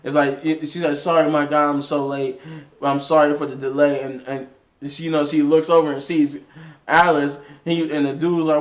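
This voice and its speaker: A man's voice: on the high side, level tone, normal speed. A man casually recapping a TV episode in a rambling way, with frequent restarts and fillers. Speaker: TV episode reviewer.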